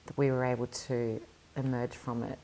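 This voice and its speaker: A woman's voice: extremely low pitch, flat delivery, normal speed, warm tone, slight background noise. A woman guest in a podcast interview, telling her story in an earnest, reflective conversational way. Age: adult mother. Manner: reflective, earnest, many fillers.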